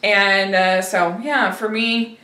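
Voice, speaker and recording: A woman hosting a film review chat, talking casually and hesitantly with many pauses and restarts. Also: mid-range voice, fairly even intonation, pushed and bright. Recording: roomy, distant from the mic.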